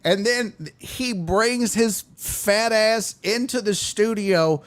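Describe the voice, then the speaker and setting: A man's voice: high voice, slow. A man, a comedian and sports talk host, telling a crude story as a guest in casual chat. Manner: profane, animated storyteller.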